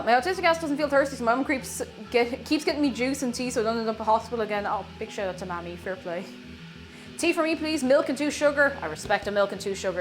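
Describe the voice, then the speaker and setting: A woman talks casually to her chat from her home kitchen as she bakes. Her voice sits fairly high and swings widely in pitch. Faint music plays behind her. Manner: chatty, reads chat aloud, bursts of excited whoops. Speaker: streamer baking live. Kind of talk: casual live-stream chat.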